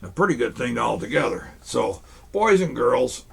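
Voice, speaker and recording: A man's voice: medium pitch, big pitch swings, moderate pace, creaky, husky. A man playing Santa Claus in a children's craft show, chatting folksily to boys and girls as he works.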